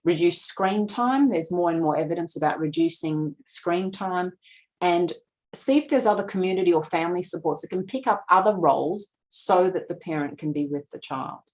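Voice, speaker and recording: A woman's voice: fairly low pitch, moderate pace, darkish tone, poor audio. A middle-aged woman presenting research at a conference, explaining points step by step. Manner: explanatory, slips into quoted voices of parents. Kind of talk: lecture presentation.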